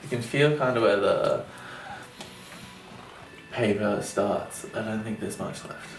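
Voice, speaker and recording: A man's voice: on the low side, takes it slowly, slight background noise. A young man co-hosting a casual review podcast, with a laid-back, easily amused manner and casual swearing. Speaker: podcast co-host. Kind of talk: casual chat. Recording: roomy, distant mic, faint music.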